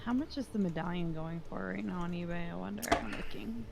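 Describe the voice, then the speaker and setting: A woman's voice: on the low side, fairly quick, gravelly, a crowd in the background. Teasing woman co-host in casual chat.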